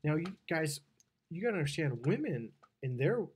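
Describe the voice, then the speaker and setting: A man's voice: fairly high pitch, normal speed, husky. A dating and relationship coach, a man, giving a seminar talk to an audience and acting out the dialogue of the stories he tells. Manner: animated storyteller who acts out quoted dialogue. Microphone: wired microphone.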